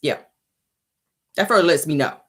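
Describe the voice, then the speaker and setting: A woman's voice: low-pitched, moderate pace, a little hiss or hum. A woman hosting a casual celebrity gossip show, sassy and teasing, laughing often as she reacts to viewer comments. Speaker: show host.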